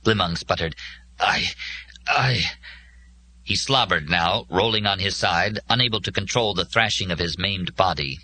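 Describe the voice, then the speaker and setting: A man reading scripted narration for an audiobook in a measured, solemn way. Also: deep voice, bright, forceful tone, a little hiss or hum.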